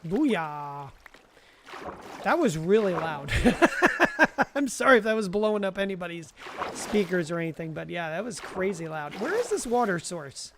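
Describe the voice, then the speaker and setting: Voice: medium pitch, big pitch swings, unhurried, pauses often, background noise. Live-stream gamer, casual running commentary, talks to chat directly, laughs a lot. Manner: chatty, talks to chat viewers by name; rambling with frequent restarts and self-amused laughs. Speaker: livestreamer.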